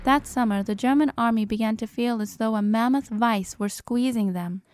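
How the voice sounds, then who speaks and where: A woman reading an audiobook in a measured, dramatic manner, her voice sitting a little high. A swelling film score plays clearly underneath her narration. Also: a little mellow, dry recording. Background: cinematic music score.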